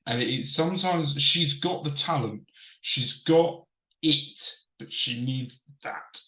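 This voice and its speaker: A man's voice: medium pitch, takes it slowly, pushed and bright, echoey room, poor audio. A man hosting a casual wrestling review show, chatting straight to camera from a desk and repeating himself for emphasis. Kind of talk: casual commentary. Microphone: desk camera setup.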